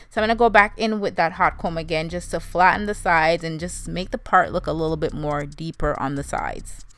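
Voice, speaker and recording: A young woman with a slightly low voice talks her viewers through a hair tutorial. She keeps it casual and chatty, calling them "you guys" and "honey" as she goes. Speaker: beauty vlogger.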